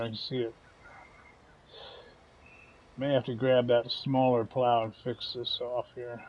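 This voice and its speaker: A man's voice: medium pitch, dull audio. A man giving casual, folksy commentary while playing a farming game, chatty and chuckling often. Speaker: gaming channel host.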